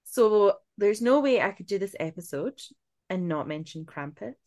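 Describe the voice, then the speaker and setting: A Scottish woman with a medium-pitched, darkish, expressive voice speaks at a moderate pace with no echo. Co-hosting a podcast, she tells spooky folklore in casual chat, swearing freely and laughing as she goes.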